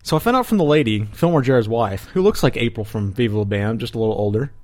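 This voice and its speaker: A man's voice: mid-range voice, fast talker. A man hosting a podcast, telling a long story in casual chat, swearing and acting out the other people in it. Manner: profane, animated retelling with quoted voices. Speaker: podcast host.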